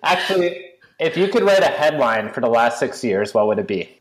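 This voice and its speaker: A man's voice: medium pitch, big pitch swings, a little fast, poor audio. A man interviewing the hosts on a podcast in a casual, joking way, talking over a remote call. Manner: playful, joking. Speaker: guest interviewer.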